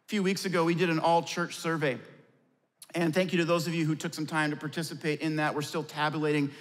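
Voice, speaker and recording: A male pastor preaching a sermon and telling stories, who drops his voice low and soft to press key points. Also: flat delivery, quick pace. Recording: long reverb of a large church hall.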